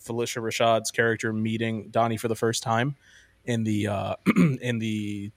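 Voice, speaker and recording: This man's voice sits on the low side, and his delivery is completely flat at a normal speed, with no echo. As a podcast host, he rambles casually and enthusiastically about movie rankings, filling his talk with lots of "like" and "um."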